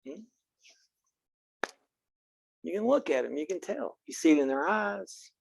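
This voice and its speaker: A man's voice: fairly high pitch, very animated, unhurried, gravelly, husky, no echo. Earnest man lecturing to a classroom. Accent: Texan. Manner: earnest, frank, joking, speaks directly to students. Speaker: college philosophy instructor.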